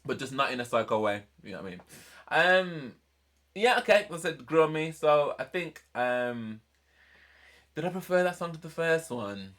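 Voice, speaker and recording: A man's voice: a little high, animated, moderate pace, a bit bright. A man hosting a casual album reaction, talking in a chatty, rambling way and laughing often. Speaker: music reaction channel host.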